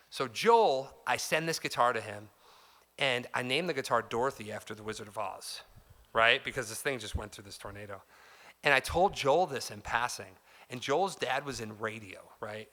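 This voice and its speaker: A man talks to a live crowd at a music store clinic, loose and chatty as he acts out the people in his story. His voice sits at an everyday pitch for a man. It has a bright, forceful edge. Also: a little fast. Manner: chatty and loose, heavy on "like" and "dude", acts out quotes. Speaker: guest guitarist giving a store clinic. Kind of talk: casual storytelling to a live audience.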